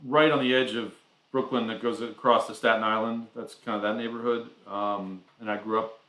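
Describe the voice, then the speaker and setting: A man co-hosting a casual live stream, talking in halting starts and restarts. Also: lowish voice, steady tone, bright, forceful tone, roomy sound, poor audio. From United States. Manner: hesitant, many restarts and fillers. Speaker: co-host.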